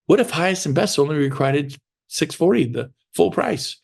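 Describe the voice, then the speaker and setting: A man's voice: on the high side, animated, moderate pace, gravelly, breathy edge. A middle-aged man giving a motivational sales training talk in an emphatic, repetitive, hard-selling way. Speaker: real estate sales trainer.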